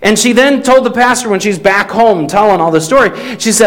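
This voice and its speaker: High-voiced man preaching a folksy sermon. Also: brisk, hardly any pauses. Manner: folksy, animated storytelling with shifting pace. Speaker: pastor. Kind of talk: sermon storytelling.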